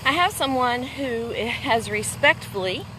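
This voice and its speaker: A woman's voice: fairly high pitch, lively intonation, measured pace, background noise. A woman host sharing a personal faith testimony in casual conversation, earnest and emphatic, repeating phrases for weight. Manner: earnest preaching tone.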